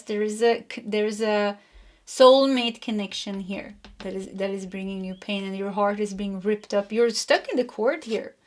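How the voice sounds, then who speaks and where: A middle-aged woman giving a pick-a-card tarot reading in a chatty way, repeating herself and laughing often. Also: mid-range voice. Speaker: tarot reader.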